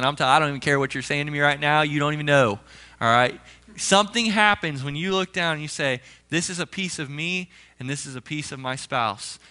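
A man's voice: on the high side, sharp tone. A young adult man preaching a sermon as pastor, talking in a loose, conversational way and acting out little stories with animation.

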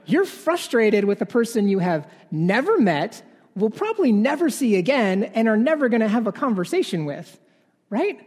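A man's voice: sits high, very animated, normal speed, a little mellow, breathy edge. Man in his 30s, sermon, casual tone, tag questions, long hall reverb. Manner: conversational, keeps adding "right?". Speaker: pastor.

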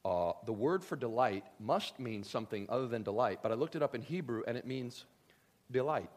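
A pastor preaches a sermon in a joking, animated way, swinging between loud lines and hushed ones. His voice sits at a medium pitch and moves fairly quickly.

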